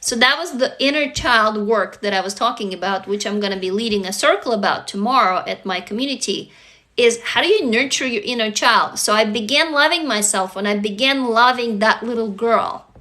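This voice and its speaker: A young woman with English as her second language talks straight to her livestream viewers in a confessional, heartfelt way. Her voice is bright and sits fairly high. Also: fairly quick. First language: not English. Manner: earnest, confessional, addresses viewers directly. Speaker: livestream host. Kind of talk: casual heartfelt livestream talk.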